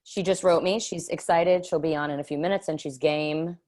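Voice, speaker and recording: A woman's voice: deep voice, fairly even intonation, darkish tone. A woman hosting a podcast in casual, chatty conversation, giggling and teasing her co-host. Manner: chatty and giggly, quick to tease. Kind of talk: casual chat.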